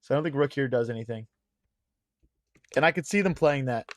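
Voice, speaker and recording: A man's voice: medium pitch, brisk, no echo. A young male streamer talks through chess moves in a loose, chatty way, calling his viewers guys. His voice is a little worn from hours of talking. The sound is dry and close, with no room around it. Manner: thinks aloud, chatty, addresses chat as guys. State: losing his voice. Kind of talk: casual live-stream commentary.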